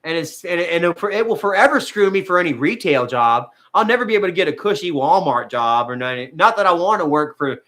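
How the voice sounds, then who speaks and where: Male vlogger, high and bright, profane and rambling; casual live-chat delivery. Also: lively intonation, fairly quick, few pauses. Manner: rambling, profane, says man and bro a lot.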